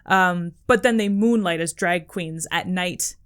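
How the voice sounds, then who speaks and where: A woman's voice: lowish voice, measured pace, smooth. A woman co-hosting a podcast in casual chat, rambling with lots of fillers. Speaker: podcast co-host.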